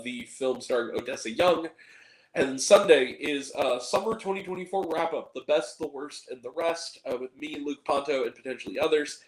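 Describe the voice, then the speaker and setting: A man's voice: mid-range voice, roomy sound, poor audio. A man hosting a movie review video, rambling casually with plenty of fillers and casual swearing.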